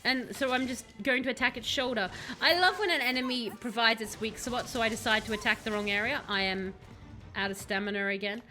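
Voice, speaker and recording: A young woman streaming a game, chatting casually and excitedly, joking and calling out to her companions. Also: on the high side, a little fast, soft background music. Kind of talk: casual live gameplay commentary.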